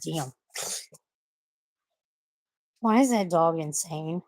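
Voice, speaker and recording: Rambling to viewers from her bedroom, this woman swears without restraint and coos at her pets during a casual livestream. Her lowish voice is a little mellow, at normal speed, in a dry recording.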